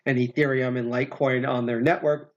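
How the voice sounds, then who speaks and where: A man's voice: mid-range voice, little pitch movement, fairly quick, highs cut off. A man hosting a casual livestream show, rambling, swearing freely and correcting himself mid-sentence. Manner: rambling, profane, self-correcting. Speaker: podcast host.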